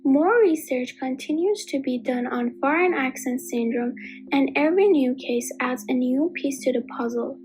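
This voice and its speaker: A woman giving a scripted narration for an educational video in an even, explanatory reading manner. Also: sits high, normal speed, low-quality recording. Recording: faint music behind the voice.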